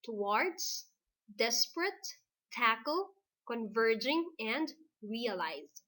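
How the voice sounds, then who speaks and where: Filipino english lady teacher, slow careful dictating, kinda high voice. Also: animated, bright, forceful tone. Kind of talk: recorded classroom lesson.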